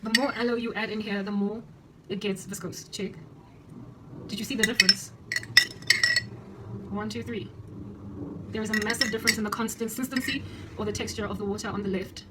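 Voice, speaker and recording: A woman's voice: medium pitch, steady tone, normal speed, pauses often, very noisy. A playful, chatty woman with a South African accent, vlogging a casual demonstration in her home kitchen and breaking into sing-song asides. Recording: loud clinking dishes and cutlery behind. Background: clattering dishes, pots and cutlery.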